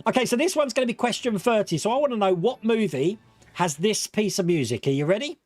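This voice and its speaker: A man from Australia with an accent mixing Australian and British, hosting a livestream quiz, playful and giggly as he reads out answer options slowly. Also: sits high, expressive, soft background music. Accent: Australian mixed with British. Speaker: quiz host.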